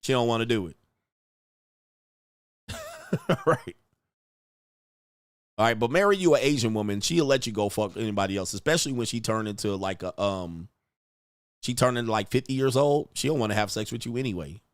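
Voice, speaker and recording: In a casual livestream rant, the male host rambles crudely and keeps tossing in "all right" as he moves between points. His voice sits lowish, at a moderate pace broken by long pauses, and the studio sound is clean with no room sound.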